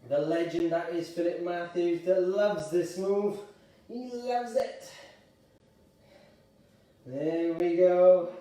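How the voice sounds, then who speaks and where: Upbeat fitness instructor, echoey room. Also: male voice, high-pitched, dark tone, recorded from a distance. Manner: upbeat, encouraging, calls out participants by name. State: slightly out of breath. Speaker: exercise instructor. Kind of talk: live online exercise class. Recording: echoey room, voice away from the mic.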